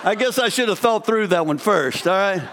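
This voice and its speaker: A pastor in his forties, with a very high voice and a moderate pace, preaches a lively, conversational sermon full of stories and asides aimed at the congregation. A church sanctuary's long reverb lingers behind each line, and some chatter can be heard in the background.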